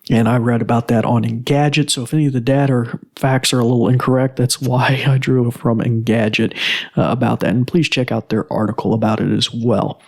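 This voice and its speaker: A man's voice: medium pitch, level tone, fairly quick, darkish tone. A man hosting a tech podcast, talking casually in a rambling, self-correcting, friendly way. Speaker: podcast host.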